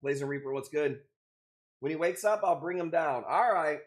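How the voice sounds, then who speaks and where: A man's voice: on the high side, moderate pace. A man hosting a casual live stream, upbeat and greeting viewers by name as he chats. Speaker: live-stream host selling corals.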